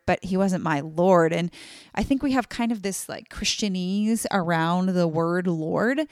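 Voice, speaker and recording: A woman's voice: medium pitch, a little mellow, no echo, clean studio sound. A woman co-hosting a casual Bible study podcast, talking earnestly with many fillers. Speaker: podcast co-host.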